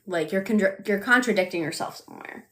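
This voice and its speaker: A woman's voice: mid-range voice, lively intonation, fast, sharp tone. A woman coaching on manifestation in a casual live stream, chatty and full of "like", acting out quoted self-talk.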